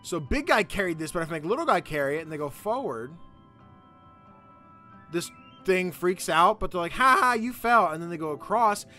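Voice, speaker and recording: An excitable man talks his way through a video game, goofy and full of running thoughts. His voice sits a touch high and bright, and it swings all over the place. Soft game music plays behind him. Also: normal speed, pauses often. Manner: excitable, goofy, thinks out loud. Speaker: gaming channel host. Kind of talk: let's play commentary.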